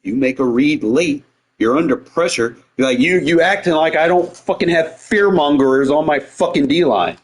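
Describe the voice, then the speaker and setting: A man with a notably high voice reacts live as he plays a football video game. He taunts his opponent, swears constantly, and trash-talks without letup. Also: moderate pace, breathy edge. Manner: profane, taunting trash talk.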